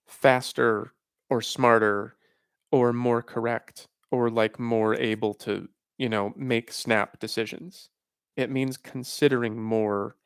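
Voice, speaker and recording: Tired, gravelly-voiced man thinking aloud. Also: medium pitch, dry recording, studio quality. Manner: halting, thinking aloud with many restarts. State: tired, voice worn out. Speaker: livestream host. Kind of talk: casual live Q&A talk.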